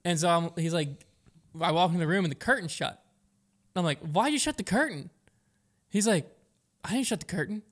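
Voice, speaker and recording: A young man telling a long story in casual conversation, quick and rambling, raising his voice when he quotes friends. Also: high-pitched, lively intonation.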